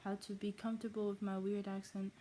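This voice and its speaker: A woman's voice: medium pitch, flat delivery, brisk, dark tone, a little hiss or hum, poor audio. A woman vlogger chatting casually to camera, rambling and apologetic.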